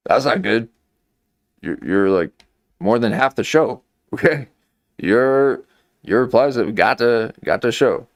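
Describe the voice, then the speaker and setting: A man hosting a live stream, commenting on clips and thinking aloud in a halting, questioning way. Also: medium pitch, lively intonation, no echo, studio quality. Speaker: livestream host.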